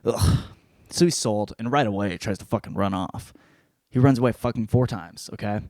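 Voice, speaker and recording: A man hosting a podcast, rambling through a casual book review with constant swearing and animated storytelling. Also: fairly low pitch, a little fast, no room sound, clean studio sound. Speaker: podcast host.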